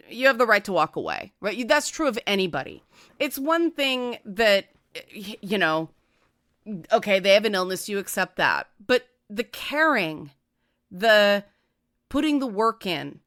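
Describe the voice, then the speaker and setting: Bright-voiced woman giving blunt advice. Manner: direct, conversational, many tag questions; acts out quoted voices with raised pitch. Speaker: podcast host. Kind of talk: casual advice talk.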